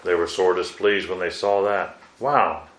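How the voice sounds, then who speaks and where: A man's voice: deep voice, steady tone, measured pace, fairly bright tone, reverberant, slight background noise, poor audio. A man preaching a Bible sermon, asking his listeners rhetorical questions and exclaiming "wow" between points.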